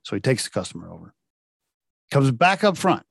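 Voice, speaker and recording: A middle-aged man recounting a work story in casual, animated talk. He laughs often and jumps his voice up and down to act out each quoted exchange. The sound is dry and close. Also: medium pitch, brisk, gravelly, husky, no room sound.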